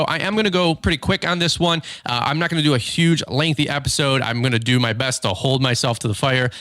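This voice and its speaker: A man hosting a business podcast in a chatty, energetic way, telling stories from his garage studio. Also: medium pitch, no echo. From Michigan. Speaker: podcast host, lawn business owner. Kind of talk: casual podcast talk.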